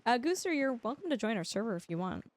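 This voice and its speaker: Animated high-voiced woman streamer. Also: fast talker. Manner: chatty, animated, teasing, talks to chat. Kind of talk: casual livestream chat while gaming.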